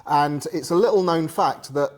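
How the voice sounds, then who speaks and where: A man who tells wargaming history in a casual, halting way, full of restarts and playful asides. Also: fairly high pitch. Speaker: wargaming hobbyist explaining history. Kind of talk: casual conversation.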